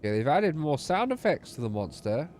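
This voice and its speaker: A man's voice: fairly high pitch, very animated, normal speed, darkish tone. Sleepy guy doing dry sarcastic commentary on a stream, faint room hum. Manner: wry, sardonic asides. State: tired and yawning. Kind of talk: gameplay commentary.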